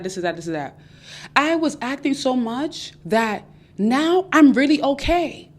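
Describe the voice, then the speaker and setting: Young woman podcast host, casual advice monologue, animated delivery, mid-range voice. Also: mid-range voice. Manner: animated, acts out friends' voices.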